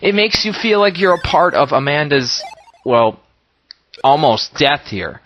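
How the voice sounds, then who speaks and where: A man's voice: a little high, measured pace, dull audio, slight background noise. A man giving casual, joking commentary over a video game, talking to his viewers. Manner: joking, lively, talks to the viewers. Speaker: let's play commentator.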